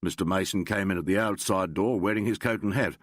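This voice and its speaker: A man's voice: low-pitched, brisk, no room sound, clean studio sound. A man voicing a proud, formal doctor. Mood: stiff. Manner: stiff formal precise speech.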